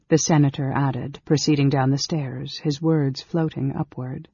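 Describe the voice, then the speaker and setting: A man narrating a fantasy audiobook in a measured, steady storytelling manner. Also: mid-range voice, creaky, breathy edge, no echo. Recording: dull lo-fi audiobook recording.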